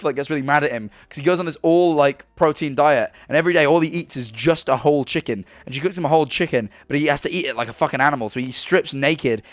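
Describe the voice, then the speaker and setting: A man in his twenties streams from home in a mid-range voice, chatting casually and reading out viewer messages. He rambles and stumbles as he goes. There's no room sound.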